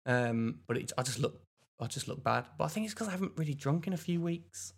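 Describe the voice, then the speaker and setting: Gravelly-voiced man telling a rambling story. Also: fairly high pitch, lively intonation, a little fast. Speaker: podcast co-host. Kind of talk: casual chat.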